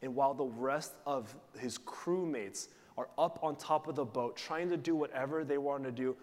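A pastor with a medium-pitched, slightly mellow voice preaches a sermon in a church sanctuary. His style is conversational, and he puts questions to the congregation, with the long reverb of a large hall behind him.

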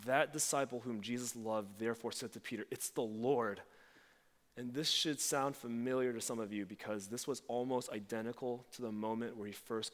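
Man preaching in a reverberant hall. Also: a bit bright. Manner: conversational preaching, acts out quoted lines with big pitch jumps. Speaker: pastor. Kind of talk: sermon.

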